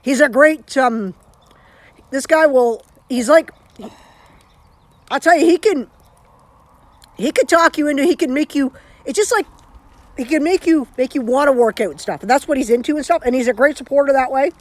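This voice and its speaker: A woman's voice: high-pitched, normal speed, long pauses, no echo. Chatty Canadian woman live-streaming by phone. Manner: rambling, chatty, with frequent restarts. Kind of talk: casual live-stream chat.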